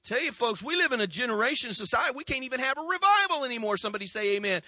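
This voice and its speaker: A man preaches in a folksy, storytelling way and keeps calling on the congregation to answer. His voice sits high and rings bright and sharp. The sound is close and dry. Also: lively intonation, rapid-fire, no room sound. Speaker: pastor. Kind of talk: sermon.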